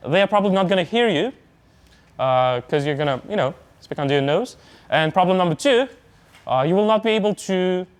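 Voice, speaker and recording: A young man with an Uzbek accent teaching an English exam class in a relaxed, chatty way, full of fillers and asides. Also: high voice. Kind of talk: classroom lecture on exam speaking.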